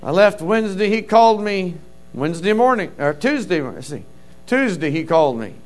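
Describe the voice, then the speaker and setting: A man's voice: high-pitched, big pitch swings, moderate pace. A middle-aged man preaching a sermon as a pastor, telling stories with fervent interjections of praise.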